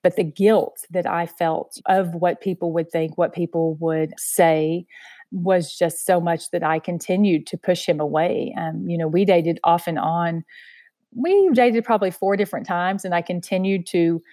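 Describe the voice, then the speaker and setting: Southern lady telling her story soft and earnest, lowish voice, says you know a lot, dry sound. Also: fairly even intonation, a little slow, no echo. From Texas. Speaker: interview guest. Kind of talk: personal storytelling in conversation.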